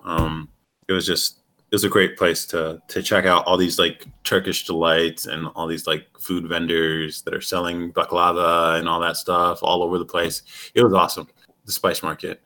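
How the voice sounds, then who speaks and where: Animated, swearing American man chatting. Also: low-pitched, moderate pace. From United States. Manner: rambling and animated, swears freely, laughs often. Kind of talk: casual chat.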